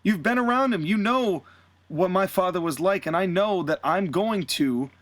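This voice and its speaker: An earnest, determined wrestler, voiced by a man speaks of his family legacy in a slightly high voice. The sound is dry and close. He stays proud and steady. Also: moderate pace, no room sound. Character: proud male wrestler vowing to honor his father.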